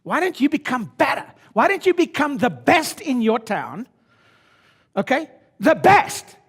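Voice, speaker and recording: Working the seminar room is a brash speaker in his sixties, his voice high for a man and slightly rough. At a normal speed, he moves with big pitch swings from low muttered asides to loud, raised rallying as he delivers a motivational talk to a conference audience.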